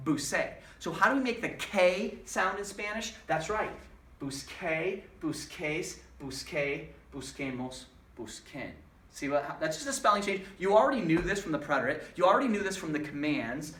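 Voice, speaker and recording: A man's voice: high-pitched, fairly bright tone, slight background noise. Chatty male teacher in echoey room. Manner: chatty, repeats and spells out words, asks himself questions. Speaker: Spanish teacher. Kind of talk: recorded video lesson. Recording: echoey room, voice a bit far from mic.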